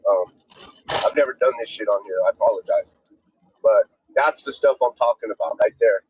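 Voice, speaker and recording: A man's voice: on the low side, brisk, a little mellow, husky, no room sound, muffled recording. A man talking casually on a livestream in heavy street slang, calling people bro and homie, earnest and at times choked up. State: emotional, choked up. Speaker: streamer.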